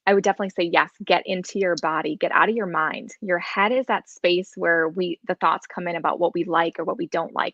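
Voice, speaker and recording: Calm woman coach type on a podcast, lowish voice, muffled dry audio. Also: dry recording. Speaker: podcast guest. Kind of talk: live podcast chat.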